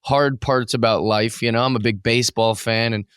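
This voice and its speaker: Brief: middle-aged male co-host, mid-pitched, relaxed and reflective, dry close mic. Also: moderate pace, smooth, no room sound. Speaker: podcast co-host. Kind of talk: casual podcast chat.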